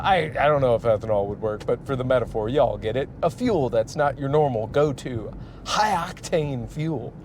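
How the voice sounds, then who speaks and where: A man from Michigan, a stand-up comic hosting his podcast, rambling casually and profanely with frequent laughs while driving. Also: darkish tone. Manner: profane, laughs often, restarts and trails off. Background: faint vehicle rumble.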